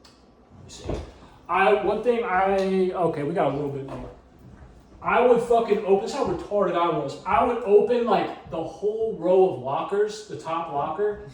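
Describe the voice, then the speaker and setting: A young man co-hosting a podcast, telling rambling, profane stories in a lively way, recorded on a phone from across the room. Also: high voice, moderate pace, slight background noise. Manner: animated, profane storytelling full of "like" and "dude". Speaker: podcast co-host. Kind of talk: casual group chat. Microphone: phone camera across the room. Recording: echoey room, phone mic from far off.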